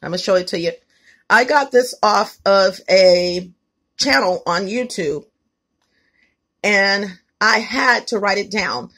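A woman's voice: mid-range voice, expressive, slow pace, fairly bright tone. A woman vlogging from her home kitchen on a phone, talking emphatically and repeating herself as she speaks straight to her viewers. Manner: emphatic, repetitive, addresses viewers directly. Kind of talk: casual phone vlog to viewers.

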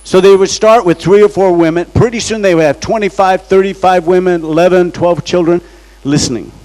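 A man's voice: high-pitched, brisk, darkish tone, poor audio. A man preaching as a guest in church, telling a story dramatically and acting out the voices he quotes. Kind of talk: storytelling sermon. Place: church sanctuary.

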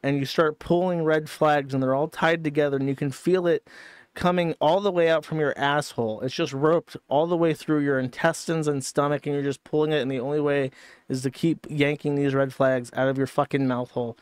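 Male stream host, slightly high and crisp, dry close sound, casual profane sardonic delivery. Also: fairly even intonation, a little fast, no room sound. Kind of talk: commentary stream.

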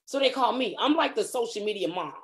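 A middle-aged woman, a comedic actress, telling stories in a casual interview and acting out quotes with lively voice jumps. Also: on the high side, fairly quick. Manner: animated, acts out quotes with big voice jumps.

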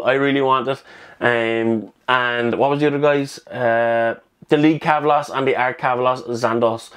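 A man hosting a casual hobby news video, talking in a chatty, rambling way with fillers and restarts, a little out of breath. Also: a little high.

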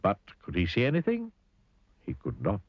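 A man reading a children's storybook aloud in an animated way, asking the listener questions. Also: on the low side, moderate pace, gravelly, dry recording, muffled recording. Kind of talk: storybook read-aloud narration.

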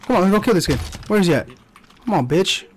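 Young male streamer, high and jumpy voice, swears and yelps through the action; light noise behind. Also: fast talker. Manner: excitable, profane trash talk and sudden yelps. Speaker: gaming streamer. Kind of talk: live gameplay commentary.

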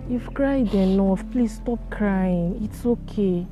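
Actress as a soft-spoken Nigerian sister. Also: female voice, mid-range voice, slow pace, music in the background, lightly acted. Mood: soothing. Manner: soft, pleading. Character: gentle young woman consoling her sister. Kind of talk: Nollywood film acting.

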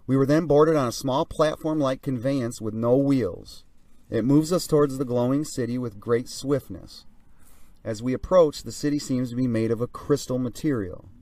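A man reading a pilot's flight diary aloud in a measured first-person way, as a narrator. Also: medium pitch, dark tone, dry recording, recorded from a distance.

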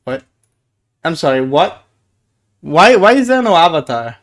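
A man streaming live who chats casually with his viewers, playful and excitable, often stumbling over his words and repeating himself. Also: on the high side, measured pace. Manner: excitable, stammering, playful, greets chat.

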